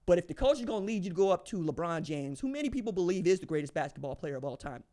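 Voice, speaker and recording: A man's voice: high-pitched, big pitch swings, rapid-fire, dark tone. A man hosting a sports podcast, giving opinionated commentary in an emphatic, slangy way and repeating phrases for effect. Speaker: podcast host.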